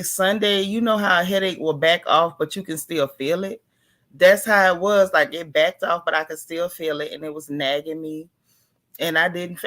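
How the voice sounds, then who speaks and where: Softly half-whispering woman. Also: lowish voice. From Texas. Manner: half-whispering, chatty, greets viewers by name. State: recovering from a migraine, tired. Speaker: livestream host. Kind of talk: casual early-morning livestream chat.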